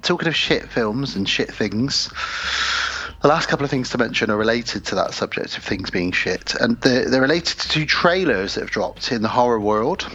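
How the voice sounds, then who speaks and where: A man's voice: mid-range voice, animated, normal speed, sharp tone, slightly rough, dull audio. A man co-hosting a horror podcast, chatting casually, telling stories and acting out quotes, swearing freely. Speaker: podcast co-host. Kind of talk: casual chat.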